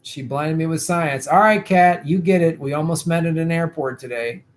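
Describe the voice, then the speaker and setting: Worn out guy hosting a live stream, voice going, rambly and cursing, kinda high. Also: normal speed. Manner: rambling, chatty, swears casually. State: tired, losing his voice. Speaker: host. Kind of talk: casual livestream political commentary.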